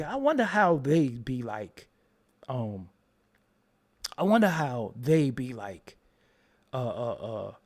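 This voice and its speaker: A man's voice: mid-range voice, very animated, slow, pauses often. A man hosting his own show, ranting live to his chat in a mocking, profane way and laughing often. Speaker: show host. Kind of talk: live-stream rant answering chat.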